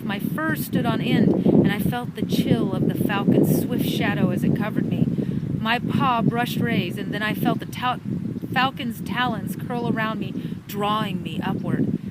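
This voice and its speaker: A woman reading a children's storybook chapter aloud with an animated, dramatic delivery, recorded outdoors in a park. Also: fairly high pitch. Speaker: storybook reader. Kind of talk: expressive storybook narration. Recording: outdoor park with traffic noise.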